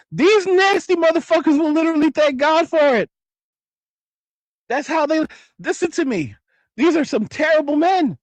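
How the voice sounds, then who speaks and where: A man's voice: high voice, no room sound. Late-night host, male: swears constantly, repeats himself for effect, mock-furious, dry close mic. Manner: mock-outraged, heavy swearing, repetitive emphasis. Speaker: livestream host. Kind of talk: profane late-night rant.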